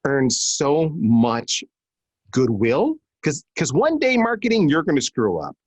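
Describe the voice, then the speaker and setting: A middle-aged man guesting on a podcast, his pitch leaping around as he tells stories. He acts out what people said in his anecdotes. The sound is dry and close. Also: slow, husky, dry recording. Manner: animated storyteller who acts out quotes. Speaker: guest, marketing executive. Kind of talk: conversational storytelling on a live podcast.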